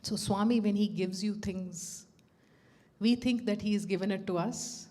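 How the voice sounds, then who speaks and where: At a devotional center, a middle-aged woman tells a personal story in an animated way, laughing often and acting out the quoted dialogue. She speaks at a medium pitch and moderate pace.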